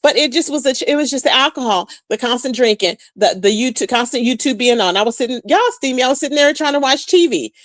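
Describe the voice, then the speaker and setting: Chatty woman streamer, higher voice, dry sound. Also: fast talker, hardly any pauses, dry recording. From Texas. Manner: chatty and animated, addresses viewers as "child" and "boo", frequent laughter. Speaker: livestream host chatting with viewers. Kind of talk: casual livestream gossip chat.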